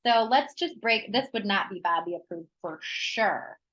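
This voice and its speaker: Woman wellness presenter on a video call, chatty, energetic, bright forceful tone. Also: mid-range voice, measured pace, poor audio. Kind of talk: live online workshop talk.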